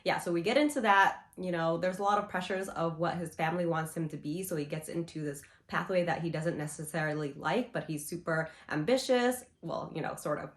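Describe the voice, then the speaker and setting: A woman's voice: lowish voice, a little fast, hardly any pauses. A young woman chatting casually in a book review, gushing and rambling with lots of "you know" and "like". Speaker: book vlogger. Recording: roomy echo.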